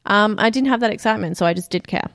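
A woman, co-hosting a casual podcast chat, relaxed and laughing along. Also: mid-range voice, rapid-fire, no room sound, studio quality. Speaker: podcast co-host. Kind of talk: casual chat reviewing a TV show.

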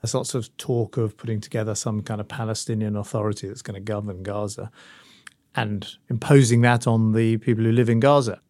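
A man's voice: lowish voice, fairly even intonation, a little fast, a little mellow, no echo. A middle-aged man co-hosting a political podcast, talking thoughtfully and hedging his points with asides. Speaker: podcast co-host, former minister.

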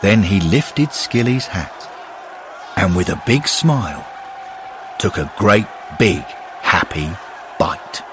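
A male storyteller narrates at an unhurried, measured pace, his low voice rising and falling expressively. His tone is slightly husky. A long reverb lingers after each phrase. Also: very animated, music in the background. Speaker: audiobook reader.

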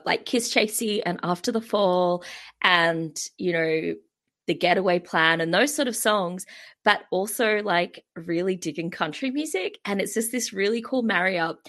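A woman's voice: fairly low pitch, a bit bright. An Australian woman co-hosting a podcast in casual chat, talking with many fillers and frequent giggles. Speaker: podcast co-host.

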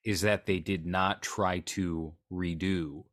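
A man's voice: deep voice, steady tone, takes it slowly, a bit bright, dry recording, studio quality. A man co-hosting a podcast, chatting about films in a rambling, joking way and poking fun at himself. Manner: rambling, joking, self-deprecating. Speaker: podcast co-host. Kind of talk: casual film chat.

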